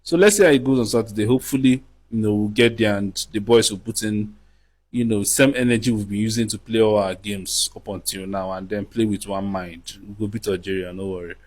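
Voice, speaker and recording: A man's voice: fairly low pitch, steady tone, brisk, a little mellow. A man talking casually and hopefully.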